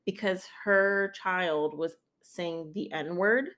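A woman co-hosting a casual podcast chat, relaxed and chatty, reading listener messages aloud. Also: fairly low pitch, extremely slow. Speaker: podcast co-host.

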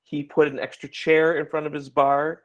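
A man hosting a podcast in a playful, joking way, spinning silly hypothetical setups for his guest. His voice sits a little higher than most men's. He keeps the chat loose and easygoing. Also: little pitch movement, normal speed. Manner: playful, jokey, sets up absurd scenarios. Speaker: podcast host. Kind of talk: casual interview chat.

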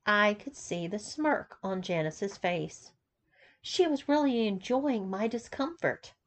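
Expressive woman reading a story. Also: mid-range voice, slow pace. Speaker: narrator. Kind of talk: reading an erotic story aloud.

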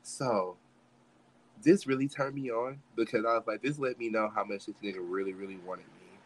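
A young man with a lowish voice, speaking at normal speed, tells a story as a podcast co-host. The delivery is dramatic, with every quote performed and plenty of swearing.

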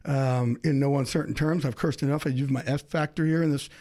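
A middle-aged man, a sports insider, telling a story as a podcast guest with fast, excitable delivery, acting out the other people in it. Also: medium pitch. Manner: fast, excitable, acts out quoted voices. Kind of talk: animated storytelling.

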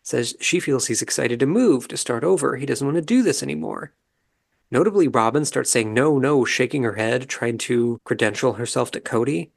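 Male podcast host, calm, analytic show recap, mid-pitched voice with a gravelly fry. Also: normal speed. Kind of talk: casual commentary recapping a reality show.

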